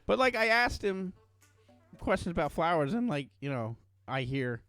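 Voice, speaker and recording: A man's voice: on the high side, big pitch swings, moderate pace, a bit bright, dry recording, soft background music. A man co-hosting a podcast, telling a story with lots of swearing and funny impressions of people. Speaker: podcast co-host. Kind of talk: casual chat.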